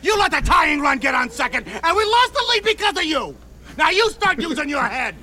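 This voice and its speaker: A gruff, shouting baseball manager. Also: male voice, very high-pitched, big pitch swings, brisk, exaggerated voice. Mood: berating. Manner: berating, shouting in bursts. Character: gruff hard-bitten male baseball manager, bullying. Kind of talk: film dialogue.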